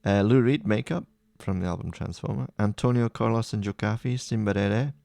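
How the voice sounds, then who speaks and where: A man hosting a music playlist video, chatting casually through a track-by-track rundown with relaxed, enthusiastic asides. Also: on the low side, fairly quick, vocal fry, dry recording, clean studio sound.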